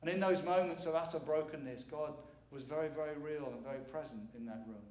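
The guest preacher, a middle-aged man, has a somewhat high but darkish voice and a brisk delivery. His sermon is earnest and emphatic, with words repeated for weight, recorded in an echoey church sanctuary.

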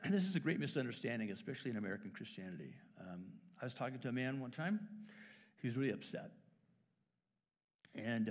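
A middle-aged man preaching a sermon as pastor, telling stories and acting out conversations with lively shifts in voice. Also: medium pitch. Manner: storytelling, acts out dialogue with lively shifts. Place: church sanctuary. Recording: church hall reverb.

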